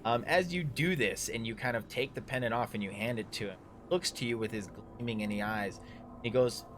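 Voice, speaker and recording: A man narrating a tabletop game livestream as dungeon master, improvising in a halting way. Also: medium pitch, a little hiss or hum.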